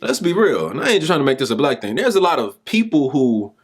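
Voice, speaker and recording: A young adult man giving a motivational talk, telling a story in an animated, informal way. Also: fast, breathy edge. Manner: animated, informal, pitch jumps with emphasis. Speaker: speaker and mentor.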